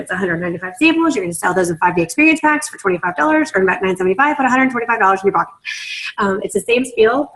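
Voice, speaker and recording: In a low-quality recording, a woman with a medium, somewhat bright voice leads a group sales training, explaining things step by step in a persuasive, chatty manner. She regularly asks her audience "right?" and "you understand?".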